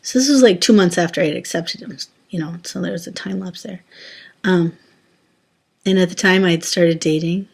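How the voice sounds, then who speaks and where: A woman's voice: on the low side, moderate pace, gravelly, slightly rough. A woman telling a personal faith story in a casual, rambling way, with many fillers and restarts. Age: adult, former teacher. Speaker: Christian sharing a testimony.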